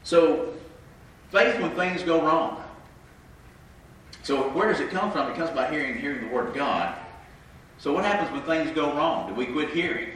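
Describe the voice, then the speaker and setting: A man's voice: on the high side, animated, moderate pace, long pauses, fairly bright tone, a little hiss or hum. A man preaching an interactive sermon, conversational and questioning the congregation, with a congested voice from his sinuses. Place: church sanctuary. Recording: echoey room mic from a distance.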